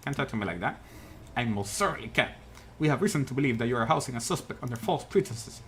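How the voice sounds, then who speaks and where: A man's voice: medium pitch, expressive, fast talker, close to an everyday voice. A man voicing a bold male bird defense attorney who speaks in a firm, commanding way. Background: game music.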